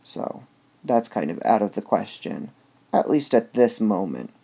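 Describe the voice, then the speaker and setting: A man's voice: on the low side, animated, unhurried, gravelly, mellow, slightly rough. A man giving a casual lecture that reviews a play, explaining step by step and often saying "all right". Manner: explains step by step with filler words.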